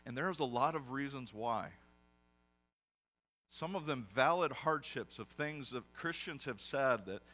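A man's voice: medium pitch, expressive, measured pace, pushed and bright, soft background music. A man, a pastor with young kids, preaching a conversational sermon with self-deprecating asides.

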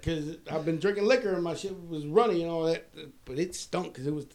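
A man from Maryland telling a crude, rambling personal anecdote in casual chat, animated and often laughing as he goes. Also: on the high side, a little fast. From Maryland, USA. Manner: animated, crude, laughs through his story. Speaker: storyteller.

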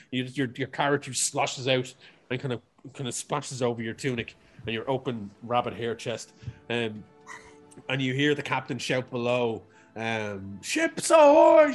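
Brief: male game master, mid-pitched, casual and rambling, full of fillers. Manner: loose and rambling, many fillers. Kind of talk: narrating a tabletop game.

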